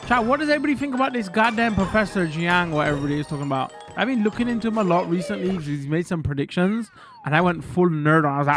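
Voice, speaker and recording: Streamer, mid-pitched, chatty and rambling, loud game music underneath. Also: fast. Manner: rambling, chatty, self-correcting, jumpy bursts of excitement. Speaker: live streamer. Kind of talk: casual live-stream chat while gaming.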